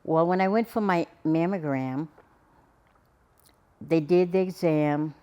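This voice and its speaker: A middle-aged woman, a podcast guest, telling her personal story in an earnest, halting way with frequent restarts. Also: low-pitched, mellow, clean tone. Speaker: guest, cancer survivor.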